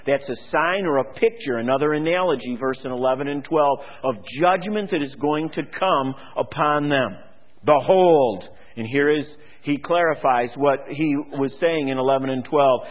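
A man preaching a sermon, reading scripture and urging listeners to repent, with emphatic delivery. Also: normal speed. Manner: emphatic, rises high when mimicking complacent people. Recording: phone-like lo-fi radio broadcast.

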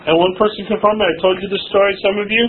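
A man's voice: sits high, flat delivery, racing. A male pastor preaching a sermon in a church, often prompting his congregation to finish his sentences and quoting older scripture wording. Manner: preacher cadence with King James quotes. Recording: phone-like band with faint noise.

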